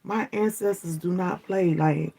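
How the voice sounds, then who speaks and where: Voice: medium pitch, measured pace, creaky, warm tone. A content creator delivering a defiant, taunting spiritual warning straight to the viewer, repeating "you feel me?" as they go. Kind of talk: direct-to-camera warning rant.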